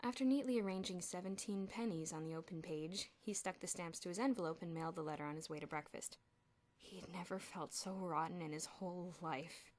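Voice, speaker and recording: A woman's voice: lowish voice, brisk, a little mellow. A woman narrating a children's novel as an audiobook, telling the story expressively. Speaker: audiobook reader.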